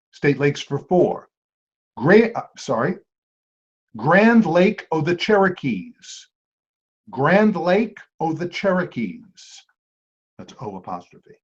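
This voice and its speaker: A man hosting a trivia quiz, reading clues aloud and repeating each one slowly. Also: fairly high pitch, very animated, breathy edge. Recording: dull lo-fi amateur recording.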